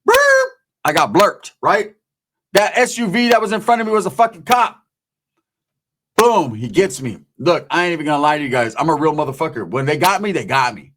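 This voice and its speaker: A man's voice: fairly high pitch, expressive, a little fast, a bit bright. Profane streetwise man ranting. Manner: profane, streetwise storytelling with slang. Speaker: commentary YouTuber. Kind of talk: casual commentary rant. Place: home.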